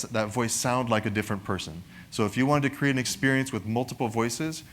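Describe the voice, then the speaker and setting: A man walks an audience through a technical product demo in a relaxed, conversational way. His voice sits at a mid pitch, and he often checks in with "right?". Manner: conversational, frequent "right?" tag questions. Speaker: presenter.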